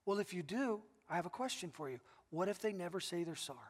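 A man's voice: high-pitched, expressive, quick pace. A middle-aged man preaching a sermon as pastor, telling stories earnestly and often restarting his sentences. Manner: earnest storytelling with repeated restarts. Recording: long reverb of a large hall.

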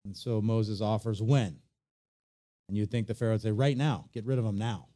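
A man preaching a sermon, animated and conversational, often acting out quoted voices. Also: on the low side, normal speed. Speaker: pastor.

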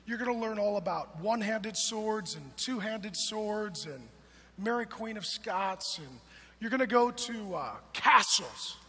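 A man in his forties preaching a sermon, emphatic and swinging from loud calls to hushed storytelling. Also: high-pitched, animated, measured pace, slightly rough, big-room sound. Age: 40s.

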